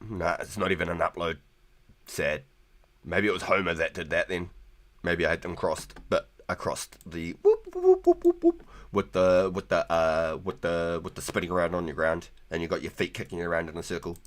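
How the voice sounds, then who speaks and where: A man's voice: low voice, little pitch movement, moderate pace, fairly bright tone. A man live-streaming a game, chatting loosely with viewers, laughing often and swearing freely. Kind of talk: casual live gaming stream chat.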